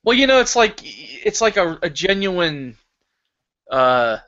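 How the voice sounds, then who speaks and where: A man's voice: high voice, big pitch swings, slow pace, sharp tone. Man, thirties, podcast host, laid-back, encouraging, lo-fi sound. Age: 30s. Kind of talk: casual chat.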